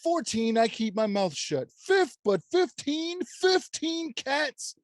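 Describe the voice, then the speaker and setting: A man voicing a grumpy male landlord fed up with his tenant's cats, with a put-on Eastern European accent, loud and scolding, in a comedic script read-through. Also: very high-pitched, sing-song, slow pace, pitched above the performer's own voice, full character voice. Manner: loud, scolding, repeats himself. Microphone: podcast mic.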